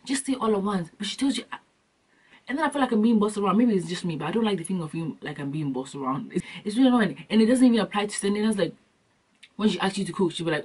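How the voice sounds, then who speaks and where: A young adult woman vlogging, telling comic stories in an animated, slangy way and acting out scenes. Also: medium pitch, quick pace, breathy edge. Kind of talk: comic storytelling vlog. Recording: distant from the mic.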